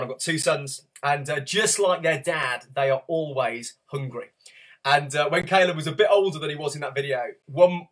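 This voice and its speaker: A man's voice: on the high side, fairly bright tone, breathy edge. A man in his thirties preaching a sermon, telling stories and moving into rhythmic rhyming spoken word. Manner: storytelling, rhythmic rhyming delivery.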